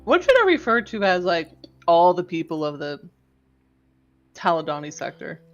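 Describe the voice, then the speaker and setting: A giggly woman at a tabletop game, narrating her character's actions in a lowish voice. Her audio is dull and lo-fi, with faint music underneath. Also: sing-song, normal speed. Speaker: player. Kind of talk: tabletop role-play narration.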